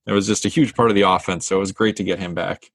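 Man, gravelly, low voice, dry close sound, relaxed sports podcast co-host. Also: quick pace, no room sound. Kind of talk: casual sports chat.

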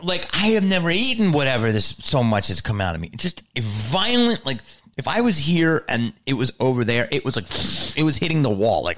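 A man hosting a solo podcast, telling a story in casual chat, animated and swearing freely as he acts out his own reactions, heard on a lower-quality backup recording. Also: fairly quick. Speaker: podcast host.

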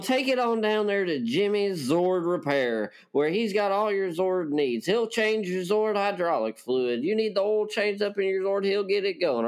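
A man voicing a folksy country car-repair pitchman in a mock radio ad, with a gravelly voice. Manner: hammy down-home salesman patter.

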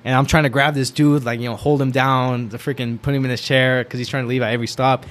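Young adult male, casual storyteller, rapid and rambling with filler words, laughs a lot. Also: medium pitch, little pitch movement, a bit bright. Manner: laughs often while telling. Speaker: storyteller guest.

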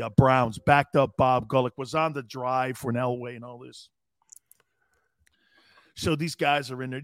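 Bright-voiced joking sports talk man. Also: mid-range voice, no room sound, studio quality. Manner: lively, joking storyteller. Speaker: sports radio co-host.

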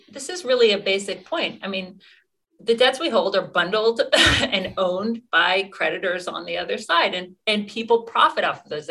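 Woman, middle-aged, interview guest, bright clear tone, earnest, restarts. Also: medium pitch. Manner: earnest, quick, with fillers and restarts. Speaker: activist guest. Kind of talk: interview answers.

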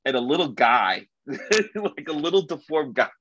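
A man casually retelling a story as a podcast co-host, animated and loose, full of filler words. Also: fairly high pitch, unhurried, a little hiss or hum. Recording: dull lo-fi dry recording.

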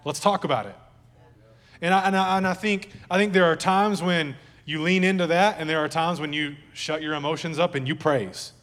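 A man's voice: fairly high pitch, fairly even intonation, a little fast, few pauses, a bit bright, big-room sound. A male pastor preaching a sermon at a church service in a conversational, joking way, with asides to the congregation.

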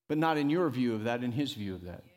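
A man preaching a sermon as pastor, emphatic and animated, often rising loud and dropping to a near hush. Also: fast talker, big-room sound. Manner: emphatic preacher who rises and drops in pitch and loudness, calling "come on".

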